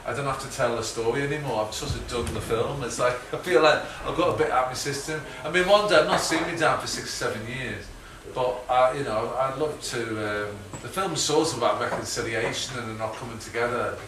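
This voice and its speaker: A middle-aged man with a Liverpool accent talks through an audience Q&A, rambling and chatty, with frequent laughs and tag questions. He is picked up from a distance in an echoey room. Steady background noise sits under his voice. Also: medium pitch, a little fast, few pauses. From Liverpool, England. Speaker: guest filmmaker.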